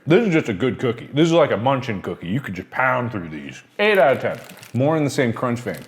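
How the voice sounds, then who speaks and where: A man from the United States chatting casually as he tastes and reviews snacks, rambling with lots of fillers. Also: mid-range voice. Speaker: food taste-tester.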